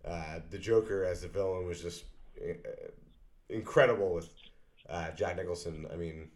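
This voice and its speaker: A man's voice: low voice, moderate pace. A man co-hosting a podcast in casual movie chat, rambling and hesitant with many fillers. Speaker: podcast co-host.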